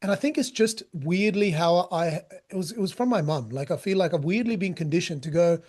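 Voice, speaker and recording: A man's voice: high-pitched, a little fast, a little mellow. A man, a guest telling stories in a candid, joking, rambling way. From Australia. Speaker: guest, street interviewer. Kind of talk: casual storytelling interview.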